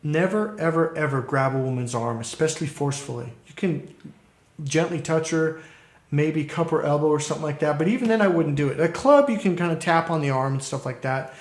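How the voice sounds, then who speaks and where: A male dating coach talks straight to his listeners in an animated, storytelling way. His voice sits a little higher than most men's. The room around him rings with echo. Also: fairly quick. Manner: animated storyteller who acts out quotes. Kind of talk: coaching talk to camera.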